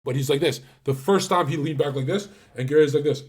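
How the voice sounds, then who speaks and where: Husky-voiced man ranting to his stream. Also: a little high, fairly quick, darkish tone. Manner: blunt, profane, rambling with many fillers. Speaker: live streamer. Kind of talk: casual ranting monologue to chat.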